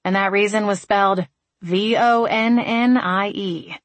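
A woman's voice: mid-range voice, a little slow, dry recording. Woman narrating an audiobook, dry sound. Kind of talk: scripted narration.

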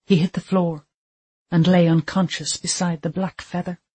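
An audiobook narrator reads a dark thriller in a calm, measured way. The voice is mid-pitched and noticeably breathy, with steady scripted pacing.

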